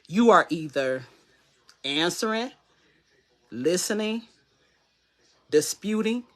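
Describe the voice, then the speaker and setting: A speaker giving a live motivational talk at a middling pitch, loose and conversational, slipping into quoted inner voices to make a point. Key phrases get repeated for emphasis, like a coach talking straight to the viewer. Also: a bit bright. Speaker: wellness coach.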